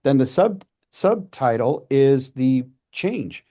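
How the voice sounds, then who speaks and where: A man in his forties, a messaging coach and podcast guest, giving casual advice in an animated way with quick restarts and acted-out asides. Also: mid-range voice. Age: 40s.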